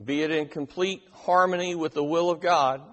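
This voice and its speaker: A man preaching a sermon, reading scripture with strong emphasis and slowing down on key lines. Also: on the high side, steady tone, a bit bright. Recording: reverberant hall.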